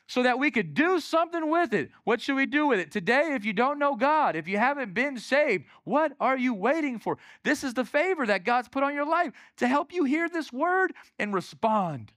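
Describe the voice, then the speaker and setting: A male pastor preaching a lively sermon in church, calling out to the congregation. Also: extremely high pitch, dry recording, clean studio sound. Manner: energetic, calls out to the congregation.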